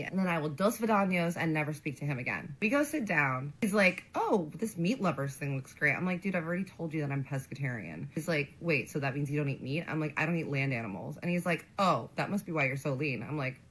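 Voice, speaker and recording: A woman's voice: low voice, lively intonation, brisk, few pauses, fairly bright tone, poor audio. A woman in a played clip telling the story of a bad date, indignant and sassy, acting out both her own lines and his. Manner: indignant, sassy, acts out both sides of the dialogue.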